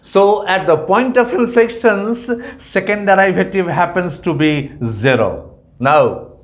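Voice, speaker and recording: A man's voice: high-pitched, expressive, takes it slowly. A man gives a methodical maths lecture as an economics tutor, repeating each point. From India. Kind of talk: math lecture.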